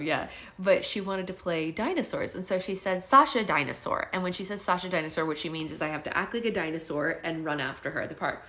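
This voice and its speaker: Chatty woman hosting a phone livestream. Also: deep voice. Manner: chatty, laughs often, does quick impressions. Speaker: book club livestream host. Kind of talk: casual live-stream chat and read-aloud.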